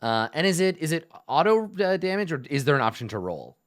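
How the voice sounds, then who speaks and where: A man narrating as game master in an online tabletop game, relaxed and chuckling, with plenty of uhs and ums. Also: on the high side, brisk, no room sound, studio quality. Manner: relaxed, laughing, many fillers.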